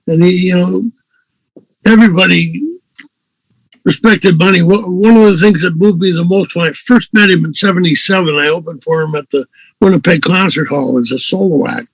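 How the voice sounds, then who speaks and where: Older man, casual storyteller, high pitched, bone-dry recording. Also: normal speed, no echo, rough recording. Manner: rambling, chuckling, many fillers.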